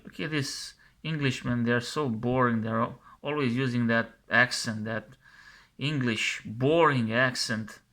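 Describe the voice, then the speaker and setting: A man's voice: medium pitch, steady tone, measured pace, pushed and bright. A man commenting scornfully over a video he plays, mocking and scolding its makers and often repeating himself.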